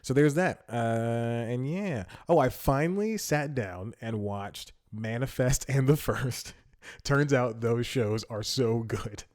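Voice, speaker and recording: A man's voice: medium pitch, slow. Rambling, giggly male podcast host. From Atlanta, United States. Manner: rambling storyteller, laughs often mid-sentence; animated when acting out quotes. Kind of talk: solo comedy podcast monologue.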